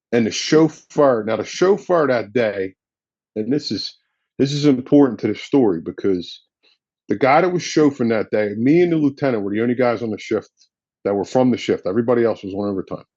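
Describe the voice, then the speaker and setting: Blunt, profane firefighter telling a story. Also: male voice, mid-range voice, expressive, moderate pace, a little mellow, no echo, dull audio. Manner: blunt and profane, drops in slang. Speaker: firefighter guest. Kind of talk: casual storytelling.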